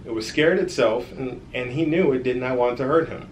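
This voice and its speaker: A man with a middle-pitched voice reads a children's story aloud, lively and friendly, stopping now and then to talk straight to the young listeners. The room around him is echoey, and a faint hiss runs under the recording. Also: brisk. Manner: lively storytelling with asides to kids. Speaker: author reading his own book.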